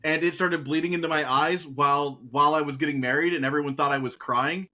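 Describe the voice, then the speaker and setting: Excited guy telling stories on a podcast, lots of uhs and likes, high bright voice. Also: fast. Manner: animated storyteller, acts out quotes; enthusiastic, many fillers. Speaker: podcast co-host. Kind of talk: casual chat.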